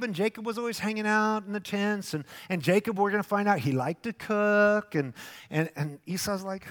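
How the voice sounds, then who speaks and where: A man in his fifties preaching a sermon with acted asides, swinging from loud bursts to hushed, soft passages. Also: high voice, moderate pace. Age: 50s. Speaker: pastor. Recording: long hall reverb.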